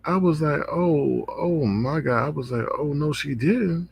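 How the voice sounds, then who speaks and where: A man hosting his own online commentary channel, chatting casually and reacting with drawn-out exclamations. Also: a little high, creaky, slight background noise. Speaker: drama commentary channel host.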